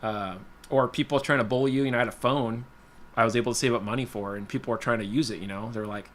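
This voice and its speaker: Fast-talking man rambling through a story. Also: mid-range voice, fairly even intonation. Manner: rambling, full of "you know" and "like"; blunt, plainspoken. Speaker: guitar livestream host. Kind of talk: casual personal storytelling.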